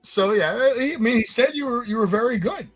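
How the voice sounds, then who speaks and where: A man's voice: extremely high pitch, animated, fairly quick, soft background music. A man hosting a casual podcast, reacting with laughs and swearing and moving on to the next topic. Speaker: podcast host.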